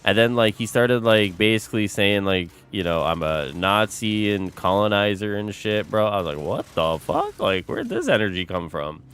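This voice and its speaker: Animated low-voiced young streamer guy. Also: moderate pace, hardly any pauses, clear, resonant tone. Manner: animated, swears a lot, says bro constantly. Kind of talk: casual chat with a live stream audience.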